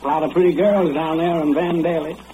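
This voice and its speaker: An actor playing a teasing, folksy young country fellow who talks in rough rural grammar, in an old radio drama. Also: male voice, a little high, fairly even intonation, a little fast, lightly acted. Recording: dull old radio recording, faint hiss.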